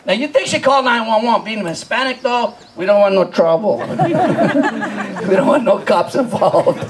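Animated high-voiced male comedian. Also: normal speed, rough recording. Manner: animated, laughing often, acting out scenes with crowd questions. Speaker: stand-up comedian. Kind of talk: live stand-up storytelling.

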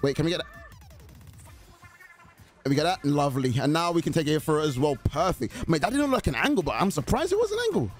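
A young man giving excited live commentary on a horror game he is playing, chatting to his teammates and the killer. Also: a little high, fast, pauses often, faint music behind. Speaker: gaming YouTuber.

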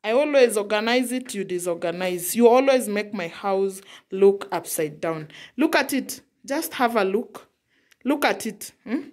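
A woman's voice: medium pitch, lively intonation, measured pace. Young african mom fussing at her kid about the messy house, keeps repeating herself. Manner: exasperated, repetitive scolding. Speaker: mother. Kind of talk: casual scolding vlog.

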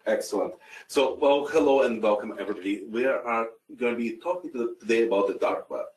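A man's voice: mid-range voice, fast, a little mellow. A middle-aged man with a Russian accent giving a casual conference talk, with many fillers and restarts. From Ukraine. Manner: conversational with frequent fillers and self-corrections. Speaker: conference speaker. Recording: roomy sound, distant from mic.

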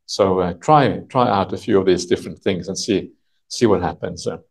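A man teaching a retreat group as a monk, explaining a text patiently in a halting way full of "uh" and "yeah". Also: deep voice, vocal fry, slightly rough. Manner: halting, thinks aloud, many "uh" and "yeah" fillers. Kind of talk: unhurried dharma talk explaining a text. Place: retreat session with a live audience.

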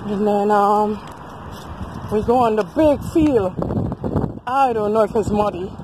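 A woman with a Caribbean accent, chatting casually to camera while walking her dog outdoors. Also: measured pace. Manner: chatty, coos high-pitched at her dog. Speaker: vlogger. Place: outdoors on a field walk. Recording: loud outdoor noise.

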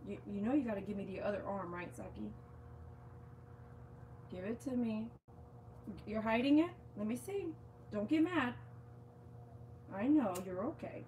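A woman's voice: medium pitch, measured pace, pauses often, darkish tone, a little hiss or hum. A woman dog groomer talking outdoors on a live-streamed grooming demonstration, chatty, coaxing and reassuring.

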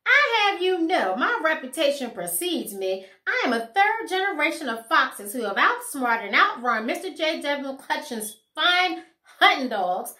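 A boastful storybook fox with grand, wordy speech, as a woman reader puts him on. He swings between puffed-up pride and pleading. His voice is bright and sharp, and it rings in an echoey room. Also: sits high, sing-song, measured pace, voice pushed up, exaggerated voice. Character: boastful pompous male fox.

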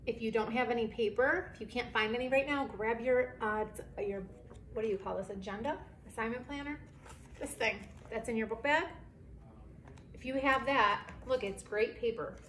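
A woman teaching a phonics lesson to second graders, speaking slowly and clearly with lots of encouragement and spelling words out letter by letter. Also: a little high, a bit bright. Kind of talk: remote phonics lesson for children. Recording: echoey room, faint background hiss.

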